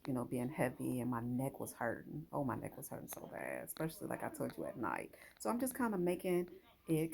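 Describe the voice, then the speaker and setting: A woman's voice: rumbling low, vocal fry, mellow. A woman hosting a casual how-to vlog, chatting straight to her viewers while she works with her hands. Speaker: hair vlogger.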